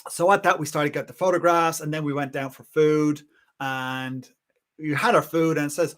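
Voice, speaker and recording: A man hosting a livestream, telling a personal story in an animated, rambling way with frequent restarts. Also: on the high side, moderate pace. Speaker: livestream host.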